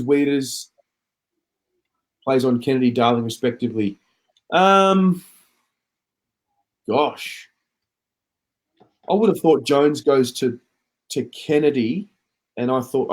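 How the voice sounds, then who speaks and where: A man's voice: mid-range voice, takes it slowly, pauses often. A man hosting a casual footy chat show, reading out viewer comments and chatting along. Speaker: podcast host reading comments.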